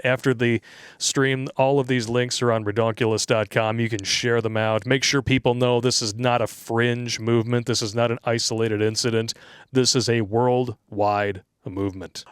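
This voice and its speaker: A man's voice: mid-range voice, clean tone, dry recording, clean studio sound. A man hosting a casual political commentary show, brash, sarcastic and profane. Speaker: show host.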